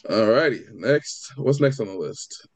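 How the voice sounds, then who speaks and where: A man co-hosts a laid-back sports podcast, rambling through his thoughts with halting restarts. He laughs along easily with the others. His voice sounds dry and close to the mic. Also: mid-range voice, lively intonation, darkish tone, dry recording. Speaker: co-host. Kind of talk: casual podcast chat.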